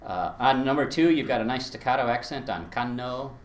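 A man's voice: mid-range voice, lively intonation, a little fast, reverberant. A man teaching a workshop on verse rhythm, chatty and explaining with spoken examples, often chuckling. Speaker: Latin teacher. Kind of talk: workshop presentation.

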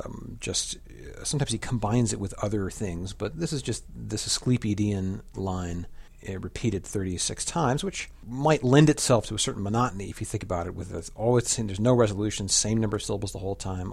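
Guy with a low gravelly voice explaining stuff on his podcast, lots of uhs and ums, kinda halting. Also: darkish tone. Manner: hesitant, many fillers, chants meter on "da". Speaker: podcast teacher of Latin verse. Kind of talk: casual spoken lesson; slow measured poetry recitation.

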